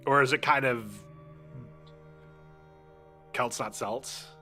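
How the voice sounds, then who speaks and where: A man's voice: mid-range voice, slow pace, sharp tone, soft background music. A man streaming a video game, making irreverent jokes and swearing freely in casual commentary. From United States.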